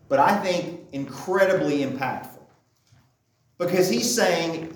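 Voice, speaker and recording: A man preaches in a relaxed, conversational way, pausing often to check that his listeners follow. His voice sits a little high. He is picked up from across a strongly reverberant church room. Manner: conversational teaching, frequent checking "okay?". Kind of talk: sermon. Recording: very echoey room, distant mic.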